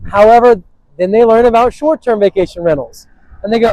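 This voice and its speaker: A man's voice: high-pitched, brisk, heavy background noise. A man hosting an interview, talking about property in an upbeat, salesy way that repeats phrases. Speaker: host and real estate agent.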